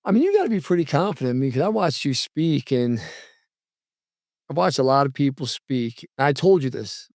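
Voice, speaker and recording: A man hosting a podcast, chatting casually and telling animated stories, acting out quotes with big jumps in pitch. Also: a little fast, no echo, clean studio sound. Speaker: podcast host.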